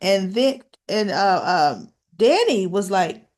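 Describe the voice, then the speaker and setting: A woman's voice: mid-range voice, lively intonation, slow pace. A woman chatting through a casual recap of a soap opera episode, tossing in tag questions and acting out what the characters said. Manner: retells scenes by acting out quoted lines.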